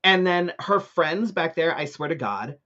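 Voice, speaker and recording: A male co-host spins a long, exasperated anecdote in loose casual chat, his pitch sitting a little high and bouncing all over the place. He swears freely and stumbles through plenty of fillers. The sound is dull and lo-fi, like a live stream. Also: unhurried. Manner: animated storytelling with frequent swearing and fillers. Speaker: co-host of a live talk show.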